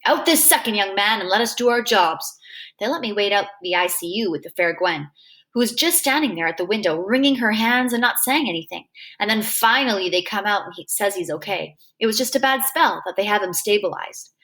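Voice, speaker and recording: A woman's voice: medium pitch, lively intonation, fairly quick, fairly bright tone. A woman reading a novel aloud in a plain, conversational first-person telling. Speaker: reader.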